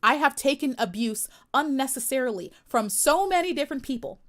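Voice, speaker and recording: Here a young American woman streaming live confronts critics in her chat, sassy and repeating words for emphasis. She sounds high-pitched and expressive, a little fast and a bit bright.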